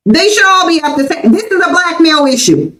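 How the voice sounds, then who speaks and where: This American livestream host, in her forties, has a very high, very animated, slightly bright voice and talks a little fast. Her commentary is emphatic, with points insistently repeated, and the rough recording comes from an echoey room.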